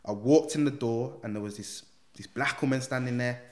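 A young man tells a personal story in an easygoing, animated way and slips into the voices of the people he describes. His pitch sits at an ordinary middle height. The room around him is echoey. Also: normal speed. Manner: animated, acts out other voices, London slang. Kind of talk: casual storytelling chat.

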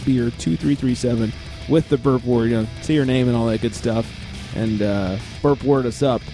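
A man's voice: medium pitch, moderate pace, faint music behind. Chatty male podcast host. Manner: relaxed, chatty, laughs often. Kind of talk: casual chat.

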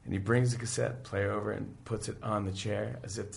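A man's voice: fairly low pitch, fairly quick, vocal fry, a little hiss or hum. A man guest on a podcast, chatting casually and acting out scenes as he retells them. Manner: animated storyteller acting out scenes. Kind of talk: casual chat.

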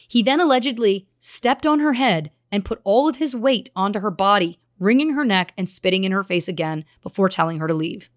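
A woman's voice: medium pitch, lively intonation, brisk, few pauses, dry recording, clean studio sound. A woman co-hosting a true crime podcast, reading case details with earnest, grave emphasis. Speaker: podcast co-host.

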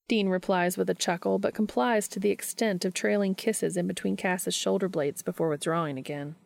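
A woman reading a story aloud in an unhurried, soft, intimate narration. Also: mid-range voice, steady tone, gravelly, no room sound, clean studio sound. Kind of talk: scripted audiobook narration.

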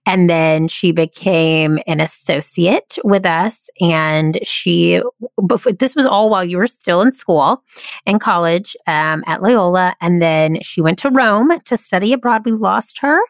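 A woman's voice: on the low side, measured pace, dry recording. A woman hosting a podcast, talking in an upbeat, effusive way as she welcomes her guest. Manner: enthusiastic, effusive. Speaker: podcast host.

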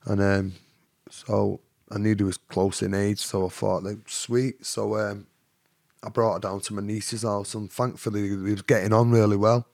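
A Mancunian man speaks as a podcast guest, his voice low and full of gravelly fry. He tells his story in a rambling way, with fillers and tags like "you know what I mean". The sound is close and dry, with no room in it. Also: flat delivery, normal speed, darkish tone, no echo. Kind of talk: storytelling in an interview.

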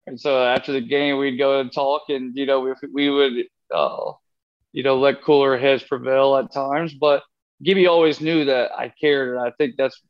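A man's voice: medium pitch, fairly even intonation, moderate pace, highs cut off. A man as an interview guest, telling a long rambling anecdote and acting out the lines he and others said. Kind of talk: casual storytelling interview.

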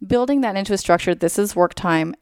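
Gravelly-voiced woman explaining with everyday examples. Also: mid-range voice, fast, darkish tone, dry recording, studio quality. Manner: upbeat, explains with everyday examples, frequent "like" and "you know". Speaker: guest school psychologist. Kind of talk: casual interview talk.

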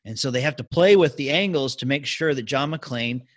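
A man co-hosting a casual talk show, telling behind-the-scenes stories with animated energy. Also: medium pitch, normal speed. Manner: animated storyteller with lively swings. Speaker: podcast co-host. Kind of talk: casual chat about movie history.

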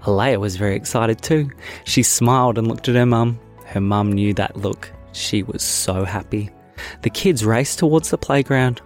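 A man's voice: on the low side, normal speed, soft background music. A man hosting a children's podcast, narrating a made-up story in a playful, childlike way.

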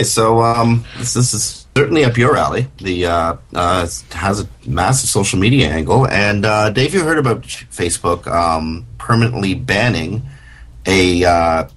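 A man co-hosting a radio talk show, chatting casually and often halting with fillers and repeats. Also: sits low, fairly bright tone.

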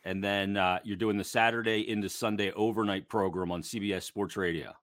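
A man co-hosting a casual sports podcast, telling animated stories and laughing often. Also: fairly low pitch, a little fast, dry recording, studio quality. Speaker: podcast co-host.

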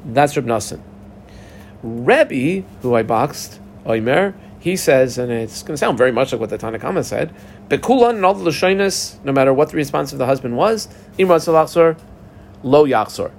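A man teaching a Talmud class in a casual, animated way, acting out the voices of the people in the case. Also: mid-range voice, normal speed, creaky, a little hiss or hum. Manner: animated, acts out the parties in a dialogue.

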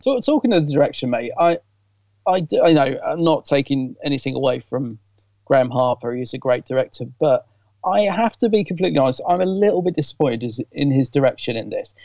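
A man's voice: mid-range voice, lively intonation, a little fast, dark tone, no echo, muffled recording. A man co-hosting a casual podcast chat, sharing candid, enthusiastic fan opinions. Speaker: podcast co-host.

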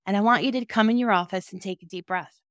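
A woman's voice: medium pitch, fast talker, fairly bright tone, no room sound, clean studio sound. A woman coaching child care directors in a direct, encouraging and emphatic way. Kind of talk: motivational talk to camera.

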